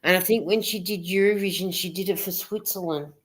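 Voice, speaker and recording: A woman's voice: lowish voice, a little fast. A woman hosting a casual livestream chat, rambling a little and reading viewer comments aloud. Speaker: host of a live chat stream.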